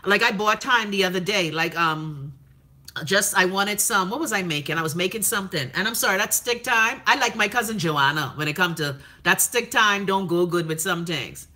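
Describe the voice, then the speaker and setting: A woman's voice: mid-range voice, normal speed, bright, forceful tone. A woman with a Bahamian accent, hosting a casual live stream, reading viewer comments and giving blunt, profane commentary.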